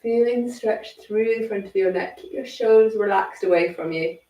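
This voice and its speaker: A woman leading a guided neck and shoulder stretching class in a calm, encouraging way, with a croaky voice. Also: mid-range voice, normal speed, highs cut off. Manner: calm, encouraging step-by-step cueing. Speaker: fitness instructor. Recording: echoey room, mic at a distance.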